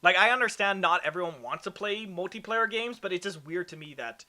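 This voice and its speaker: A man's voice: high-pitched, expressive, brisk, sharp tone. A man hosting a casual gaming podcast. He reads news from his notes, often stumbles and starts over, and runs short of breath. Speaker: podcast host.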